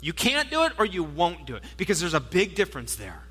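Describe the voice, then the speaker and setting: A man preaching a sermon as pastor, telling stories in an animated way with playful asides, in a church hall. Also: on the high side, fast talker, slightly rough. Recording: long hall reverb.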